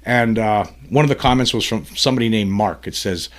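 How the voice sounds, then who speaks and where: A man's voice: fairly low pitch, a little fast. A man hosting a solo commentary podcast, talking in a rambling, heated way, full of restarts and fillers. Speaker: podcast host.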